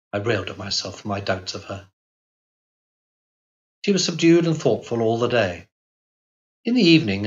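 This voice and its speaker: A low-voiced man narrating a literary novel in the first person, measured and reflective. The sound is dull and a little lo-fi. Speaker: audiobook narrator. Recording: dull lo-fi recording.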